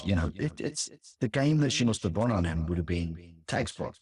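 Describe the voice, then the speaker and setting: Emphatic, low-voiced man in his forties. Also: lively intonation, normal speed, few pauses, darkish tone. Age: 40s. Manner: opinionated and emphatic, repeats words for stress. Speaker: guest commentator, former teacher. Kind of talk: conversational commentary.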